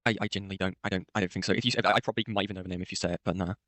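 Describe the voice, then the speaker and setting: A man's voice: low-pitched, fairly even intonation, rapid-fire, fairly bright tone, no room sound. A man on a voice call who answers in short, hesitant replies and checks whether he has names mixed up. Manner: brief affirming replies, unsure and hesitant. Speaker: commentary YouTuber hosting the call. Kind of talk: casual voice call.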